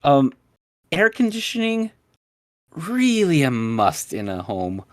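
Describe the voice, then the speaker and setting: A man co-hosting a casual chat, cracking wry deadpan jokes and sarcastic asides. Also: a little high, takes it slowly, dry recording, clean studio sound. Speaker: podcast co-host.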